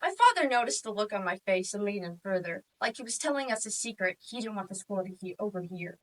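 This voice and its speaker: A woman's voice: mid-range voice, quick pace, slight background noise. Wry woman telling a comic story. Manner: wry, deadpan comic narration. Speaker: student competitor. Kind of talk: humorous interpretation storytelling. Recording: voice distant from the mic.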